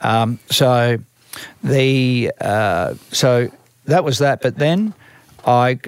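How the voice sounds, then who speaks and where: A man's voice: mid-range voice, drawn-out words, clean tone, no echo. An older man with an Australian accent, a music manager telling long stories in an interview, with many restarts and repeated words. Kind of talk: storytelling interview.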